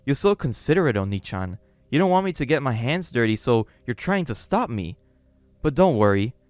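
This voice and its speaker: A man's voice: medium pitch, big pitch swings, normal speed, darkish tone, no room sound, faint music behind, lightly acted. A man voicing an obsessive gothic lolita woman who scolds sweetly and menacingly. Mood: doting menace.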